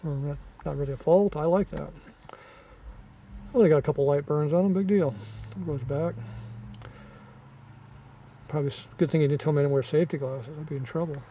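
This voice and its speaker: A man with a scratchy throat rambles through viewer comments, offhand and gruff, muttering asides as he goes. His voice is mellow yet sits a touch high. He sounds slightly distant from the microphone. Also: a little fast, pauses often. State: scratchy throat, frequent throat clearing. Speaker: channel host reading viewer comments.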